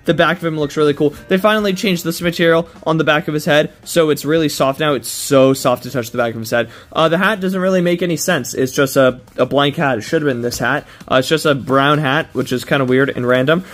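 A man's voice: fairly high pitch, a little fast, hardly any pauses, fairly bright tone. A man doing a casual unboxing review, rambling with lots of fillers and restarts as he gushes over details and complains about being let down. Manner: gushing then letdown and complaining. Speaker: toy reviewer.

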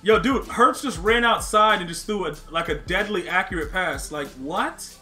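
A young man with a high, sharp, bright voice calls his own football game live for his chat. His delivery is loose, slangy and excitable, and he often bursts into yelling at his opponent. Faint music runs underneath. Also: normal speed. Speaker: video game streamer. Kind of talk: live gameplay commentary to chat.

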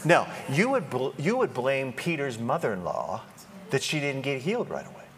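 Male preacher, animated and joking, pitch jumping all over, faint room noise behind. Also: moderate pace. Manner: animated, joking, acts out quoted voices. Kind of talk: sermon.

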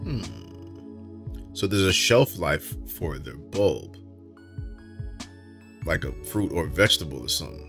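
A man hosting a casual manga read-through and reaction, excitable and slangy, laughing often. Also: deep voice, unhurried, long pauses, soft background music. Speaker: manga reaction show host.

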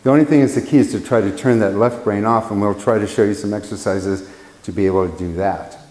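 A man's voice: lowish voice, steady tone, fast, darkish tone. A man teaching painting in a casual, rambling way, telling anecdotes and acting out the quotes. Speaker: painting instructor. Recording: roomy hall reverb.

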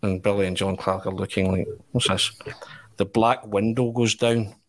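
Journalist guy, lowish voice, telling a story with lots of chuckles. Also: moderate pace. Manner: animated anecdote teller, chuckling. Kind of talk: podcast storytelling.

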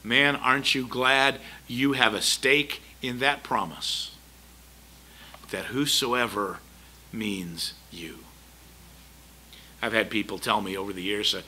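A man's voice: fairly low pitch, takes it slowly, pauses often, sharp tone, breathy edge. A middle-aged male pastor preaching a sermon, emphatic, with repeated rhetorical questions. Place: church sanctuary.

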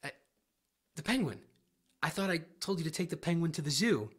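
A man's voice: fairly high pitch, sing-song, a little fast, slightly rough, voice pushed up. A man voicing a puzzled gas station clerk in a spoken joke, incredulous and questioning.

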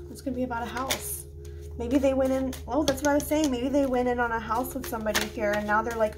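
A woman's voice: a little high, fairly even intonation, moderate pace, background noise. A woman with a slight lisp doing a casual tarot reading, musing aloud as she draws cards, recorded on a phone. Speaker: tarot reader.

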